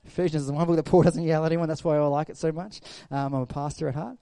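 A man, a pastor preaching a sermon, swinging between loud storytelling and hushed reflection. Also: a little high, steady tone, rapid-fire, gravelly, smooth, no room sound.

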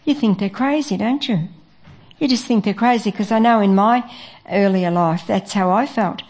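A woman delivers a sermon in an earnest, steady voice of middle pitch. She pauses often with small fillers as she builds her points. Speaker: preacher.

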